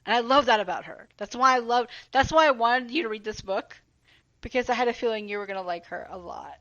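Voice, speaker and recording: A woman's voice: fairly high pitch, fast talker, fairly bright tone, muffled recording. A woman guest on a podcast, chatting casually about a book and reading passages aloud. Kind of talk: casual book discussion chat.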